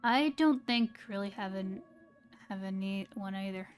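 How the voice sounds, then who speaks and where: A woman's voice: medium pitch, measured pace, faint music behind. Chatty American woman streaming a game. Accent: standard American. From American South. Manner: rambling, hesitant with many fillers. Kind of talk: casual live-stream chat while gaming.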